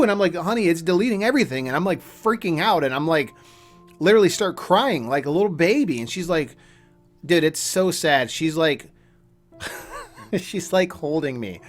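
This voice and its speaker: A young adult man telling a story to his channel in a casual, animated, self-deprecating way, with frequent restarts. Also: a little high. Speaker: gaming channel host. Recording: faint music behind.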